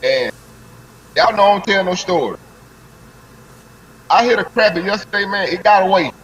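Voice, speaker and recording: A man, a guest on a live stream, telling an excited fishing story in heavy slang. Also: sits high, moderate pace, muffled recording, a little hiss or hum. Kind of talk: animated fishing story, casual chat.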